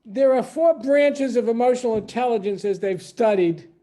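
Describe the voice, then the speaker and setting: A man gives a public lecture as a library's guest speaker, talking to the audience in a conversational, explanatory way. His voice is mellow and warm. He often pauses and restarts a thought midway. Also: very high voice.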